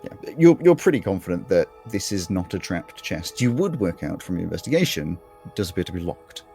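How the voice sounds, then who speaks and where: Man running the game, relaxed, low voice, quiet music behind. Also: brisk, gravelly. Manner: relaxed, easygoing, with fillers. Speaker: game master. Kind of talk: narrating a tabletop game.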